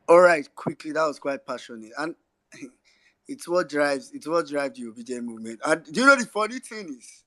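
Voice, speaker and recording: Nigerian guy hosting a live space, a bit high, dry close sound, quick and amused. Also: lively intonation, bright, forceful tone, dry recording. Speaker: space host. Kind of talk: moderating a live audio discussion.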